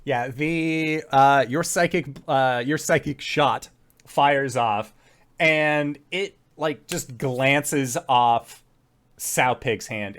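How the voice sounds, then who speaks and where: Male game master, unhurried, rambling narration with fillers. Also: medium pitch, fairly bright tone. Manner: loose, full of fillers.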